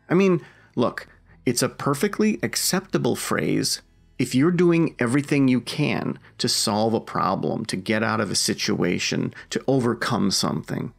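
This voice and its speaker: A man's voice: mid-range voice, vocal fry. A man hosting a self-help podcast monologue in a wry, self-mocking way, often putting on voices when he quotes other people. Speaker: podcast host.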